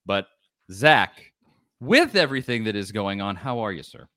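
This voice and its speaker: A man's voice: on the low side, sing-song, normal speed, sharp tone, no room sound. Male sports podcast host: loose, joking at his own slips, voice swinging up and down. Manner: self-deprecating, rambling with restarts. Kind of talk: casual sports podcast chat.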